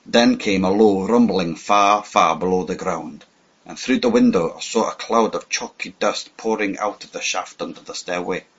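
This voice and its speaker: A man reading a first-person story aloud in a measured, dramatic way. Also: deep voice, husky. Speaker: audiobook narrator. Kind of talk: scripted narration. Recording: dull lo-fi audio.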